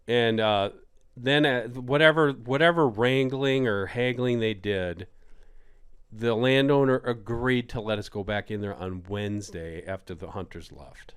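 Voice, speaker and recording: A middle-aged man telling a hunting story on a podcast in casual chat, acting out quotes with sudden jumps in pitch. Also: measured pace, clear, resonant tone. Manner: animated, acts out quotes with big pitch jumps.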